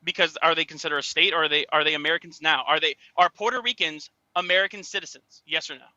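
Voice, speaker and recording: A man on a dull, lo-fi call, talking fast in a high, bright voice. He stammers and hedges, circling around his answers. The sound is dry. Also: no room sound. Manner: hesitant, stammering, evasive. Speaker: caller in a debate. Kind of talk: hesitant live debate.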